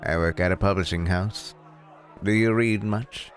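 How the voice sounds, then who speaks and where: A man's voice: deep voice, steady tone, a little slow, soft background music. A man voicing a cocky, coy male raccoon photographer in a game, with a dry, plain delivery. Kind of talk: reading game dialogue aloud.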